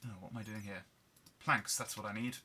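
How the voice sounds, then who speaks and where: Subdued man, very bright timbre, candid gameplay chat. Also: on the low side, steady tone, brisk, slight background noise. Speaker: gaming video host. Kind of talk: casual gameplay commentary.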